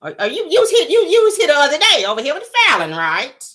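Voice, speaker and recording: A woman voicing an awkward, slow-talking older husband who asks fumbling questions in a drawl. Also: high voice, wildly swooping pitch, fairly bright tone, voice pushed up, full character voice.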